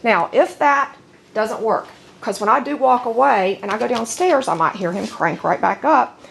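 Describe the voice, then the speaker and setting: Gravelly-voiced woman chatting about her dogs. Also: fairly high pitch, lively intonation, normal speed, a little hiss or hum. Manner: chatty, rambling, with firm sharp commands to the dogs. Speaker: dog owner filming her dogs. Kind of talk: casual home video narration. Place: at home, indoors.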